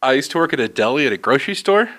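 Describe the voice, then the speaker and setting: A man's voice: mid-range voice, very animated, rapid-fire, fairly bright tone. A young man co-hosting a casual podcast, teasing his co-host and animatedly retelling a story.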